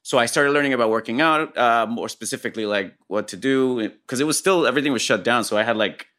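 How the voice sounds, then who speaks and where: A man's voice: medium pitch, fast talker, fairly bright tone. A man, an actor and comedian, chatting casually as a podcast guest and telling a long rambling story with lots of restarts.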